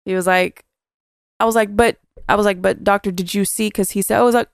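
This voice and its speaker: A woman's voice: medium pitch, fairly even intonation, fast talker, gravelly, dry recording, clean studio sound. A woman co-hosting a podcast, telling a story in casual chat, swearing freely and acting out the people she quotes. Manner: swears freely, laughs through stories, acts out quoted people. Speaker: podcast co-host.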